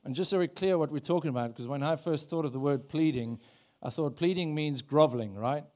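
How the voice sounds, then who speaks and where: A pastor preaches a sermon in church in a conversational style, often restarting his sentences and acting out prayers in the first person. His voice is fairly high, a little fast, and a little mellow.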